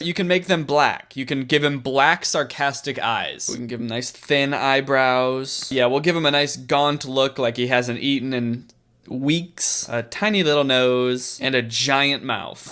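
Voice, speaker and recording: A young man playing a story game and commenting sarcastically, now and then squeaking out quick character voices. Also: bright, forceful tone. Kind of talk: comedic gameplay commentary.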